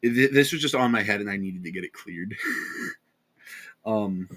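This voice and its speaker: A tired young man with an American accent rambles through a casual commentary, sarcastic and quick to correct himself. His voice sits a little low but sounds bright and forceful. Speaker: commentary channel host.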